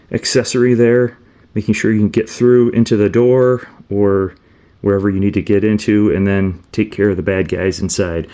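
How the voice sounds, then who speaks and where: A man with a lowish, warm voice casually reviews an action figure, meandering and thinking aloud as he picks up each piece.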